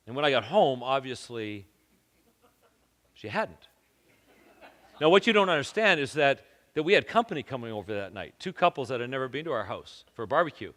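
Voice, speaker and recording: An earnest man preaching in a church hall, telling stories on himself with wry self-deprecation. His voice sits a little high for a man, and a long reverb trails after it. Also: fairly bright tone. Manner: earnest, self-deprecating storyteller with shifting pace. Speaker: pastor. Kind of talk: sermon with personal story.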